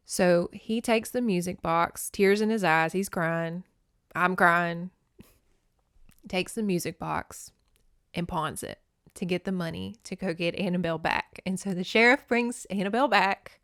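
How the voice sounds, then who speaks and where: A woman's voice: lowish voice, steady tone, a little slow, a bit bright, no echo, studio quality. A woman hosting a casual movie-recap podcast, chatty and emotional, swearing freely. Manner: chatty, swears, laughs and tears up. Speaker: podcast host.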